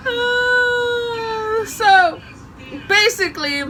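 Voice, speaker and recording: A young woman casually telling a story from her school days, animated and often laughing. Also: high-pitched, measured pace, very noisy.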